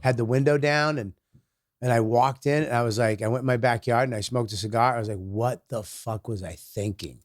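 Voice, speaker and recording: A comedian guest in casual podcast chat, telling stories in a profane, animated way. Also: male voice, mid-range voice, quick pace, no room sound, studio quality.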